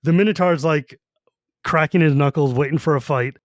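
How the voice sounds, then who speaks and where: This podcast co-host, a man with a fairly high voice, chats casually about a book at a moderate pace, slipping into its characters' voices as he recounts the plot. The recording is dry and studio-clean.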